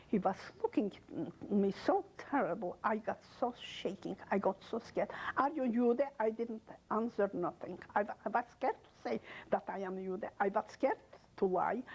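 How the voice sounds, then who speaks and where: Older woman with a husky voice. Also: mid-range voice, a little mellow, rough recording. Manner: halting, emotional, broken non-native grammar. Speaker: interviewee. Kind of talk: oral history testimony.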